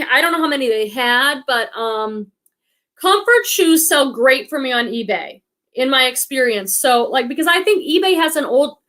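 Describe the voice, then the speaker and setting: A woman in her forties from the Boston area hosts a casual reselling live stream, chatting and reading viewer comments aloud. She thinks out loud with many restarts, in a high voice with a fairly bright tone.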